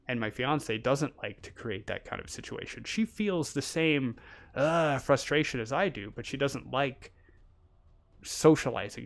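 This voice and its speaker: A man's voice: mid-range voice, vocal fry. Rambling Canadian man on a stream. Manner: rambling, animated, mimics people in quotes. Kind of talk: casual stream chat.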